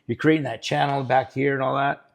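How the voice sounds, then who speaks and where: Fast-talking gravelly middle-aged man. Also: mid-range voice. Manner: animated storyteller, acts out quoted voices. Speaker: woodie car builder. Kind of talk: casual shop tour chat. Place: indoor workshop.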